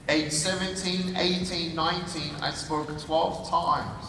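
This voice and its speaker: A man tells his story as a motivational speaker in an animated way, acting out the dialogue, and his voice sits high. He is heard from far off in a large convention hall with long reverb and clear background ambience. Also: slow, few pauses. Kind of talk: storytelling keynote speech. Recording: echoey hall from far off, noisy.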